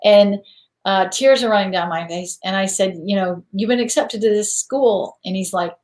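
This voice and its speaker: A woman's voice: medium pitch, moderate pace, a little mellow. Woman host, casual interview, candid and reflective, echoey room sound. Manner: reflective, candid, self-deprecating. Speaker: podcast host.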